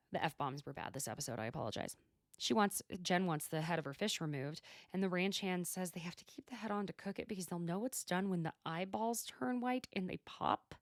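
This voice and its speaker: A woman's voice: lowish voice, a bit bright. A woman hosts her podcast alone in a loose, gossipy chat, peppering it with curse words and side remarks. Her voice swings up and down with lots of life, and the sound is dry and close with no room echo. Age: adult, mother. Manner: chatty, swears freely, quick asides. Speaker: podcast host. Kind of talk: casual solo recap chat.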